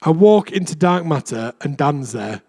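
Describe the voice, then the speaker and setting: Chatty young vicar with a mellow voice. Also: male voice, fairly high pitch, expressive, normal speed. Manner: chatty, self-deprecating storyteller. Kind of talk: sermon. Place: church.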